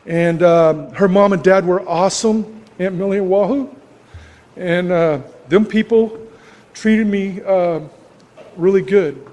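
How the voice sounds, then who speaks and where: High-voiced man, echoey hall. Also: slow pace, a little mellow. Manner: folksy, rambling storyteller, laughing often at himself. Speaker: recovery meeting speaker. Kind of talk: personal recovery story talk. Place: club meeting hall. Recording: echoey hall with long reverb.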